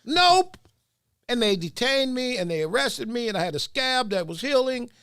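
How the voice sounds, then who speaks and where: A man hosting a podcast, mocking video clips with loud laughter and comic commentary. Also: very high voice, a little fast, clean tone, dry recording, clean studio sound. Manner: mocking, laughs a lot, animated. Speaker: podcast host. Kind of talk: comedic commentary.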